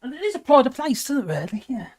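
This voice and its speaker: A woman's voice: sits high, very animated, quick pace, darkish tone. An older woman, hosting a live stream and chatting casually with viewers in a rambling, jokey, cheeky way.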